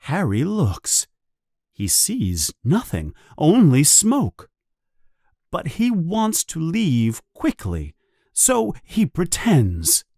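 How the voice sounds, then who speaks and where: Very slow, expressive storybook narrator. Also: mid-range voice, no echo, clean studio sound. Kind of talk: simplified storybook reading.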